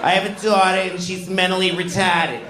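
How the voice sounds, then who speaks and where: A man voicing a blunt, crude middle-aged schoolteacher woman, in a shrill, shouting voice. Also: flat delivery, brisk, crowd noise, noisy background, natural voice. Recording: roomy club with audience laughter.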